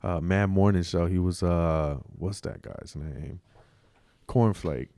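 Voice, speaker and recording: A man's voice: deep voice, takes it slowly, warm tone, no echo. A man chatting casually as a podcast guest, laid-back and slangy. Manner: laid-back, slangy, lots of "you know what I'm saying". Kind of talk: casual interview chat.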